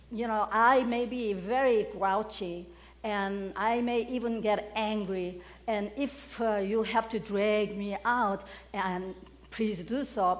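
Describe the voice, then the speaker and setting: A woman's voice: mid-range voice, natural voice. A woman voicing a grown man on an overnight train who earnestly asks the conductor to wake him. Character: grown man, a deep sleeper asking a favor.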